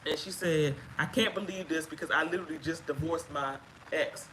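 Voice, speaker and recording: A woman casually telling a personal story on a live stream, chatty and halting with fillers, acting out what others said. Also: sits low, fairly bright tone, slight background noise, low-quality recording. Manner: chatty, halting with fillers, acts out quoted speech. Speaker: guest sharing her story.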